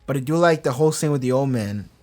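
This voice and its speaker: A young man whose first language is not English, casually reacting to and reviewing a TV episode, animated and swearing as he acts out the characters' lines. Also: mid-range voice, fast. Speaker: reaction video host.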